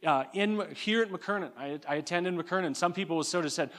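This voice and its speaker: A man's voice: sits high, a little fast, fairly bright tone. A middle-aged man from Alberta preaching a sermon in an earnest, fervent way, often restarting and repeating words. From Alberta, Canada. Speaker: guest preacher.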